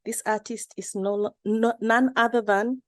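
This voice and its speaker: A woman's voice: on the high side, steady tone, unhurried, dry recording, clean studio sound. A woman judge announcing an award winner, with informal asides.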